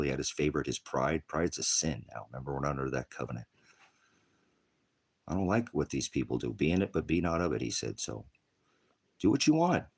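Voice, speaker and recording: A man's voice: very deep voice, breathy edge. A retired male pastor preaching in a rambling, combative rant that jumps from topic to topic. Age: older.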